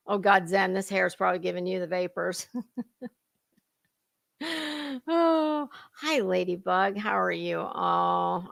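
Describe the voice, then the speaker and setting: A woman's voice: fairly low pitch, vocal fry. A middle-aged woman, hosting a rambling livestream chat, greeting viewers by name and fighting a dry cough. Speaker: livestream host. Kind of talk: casual chat.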